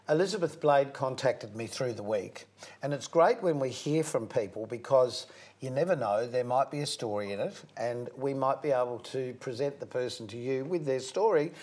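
A man's voice: medium pitch, expressive, moderate pace, darkish tone. Man hosting a talk show interview. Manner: friendly, welcoming interviewer. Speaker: host.

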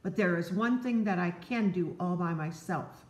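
A woman voicing a grumpy, timid male toad in a children's storybook, loud, stubborn and complaining. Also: on the low side, normal speed, close to an everyday voice. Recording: roomy echo.

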